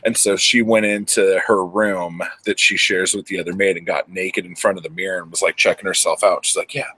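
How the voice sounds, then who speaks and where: A man's voice: sits low, little pitch movement, fairly quick, pushed and bright, breathy edge. A man in casual podcast chat, recapping a film in a rambling, profane way and acting out characters in quotes. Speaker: podcast co-host.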